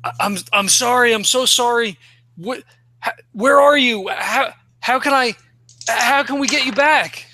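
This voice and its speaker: A man's voice: very high voice, measured pace, no echo, pitched above the performer's own voice, exaggerated voice. A man voicing a grief-stricken young man who pleads and cries out in anguish. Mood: pleading. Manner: crying, shouting, pleading.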